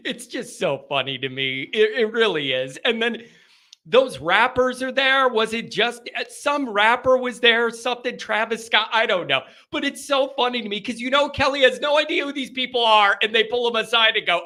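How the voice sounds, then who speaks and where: A man's voice: sits high, expressive, a little slow, pushed and bright. A man hosting a live sports call-in show, chatting casually with rambling asides, laughter and self-interruptions.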